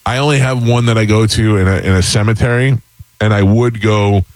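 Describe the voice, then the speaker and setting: A man's voice: lowish voice, fairly even intonation, a little fast, dry recording. A man hosting a talk radio show, chatting casually and musing aloud with restarts.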